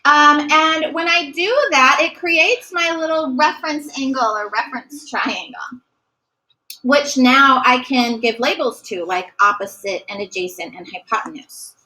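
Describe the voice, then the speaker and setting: A woman teaching a math lesson, asking questions and answering them herself with quick praise, explaining each step slowly and carefully. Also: high voice, bright, forceful tone, rough recording. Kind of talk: recorded classroom math lesson.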